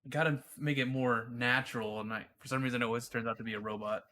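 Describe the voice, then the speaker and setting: A man chatting casually about making videos, animated and joking. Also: mid-range voice, quick pace, slight background noise. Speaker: game video creator. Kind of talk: casual podcast chat.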